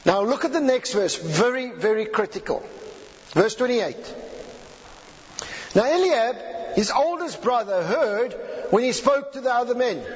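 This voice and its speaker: A man preaching a sermon, retelling a scripture story in a lively way and acting out the quotes. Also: very high-pitched, unhurried, pauses often. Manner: animated, lively paraphrasing with acted-out quotes. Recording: echoey hall, dull lo-fi sound.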